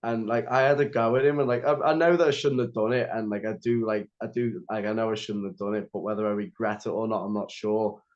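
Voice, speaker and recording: A young man with a lowish, slightly mellow voice talks fast and steadily with few pauses as he tells a story on a podcast. His telling rambles, heavy with "like" and restarts, over slightly dull lo-fi audio.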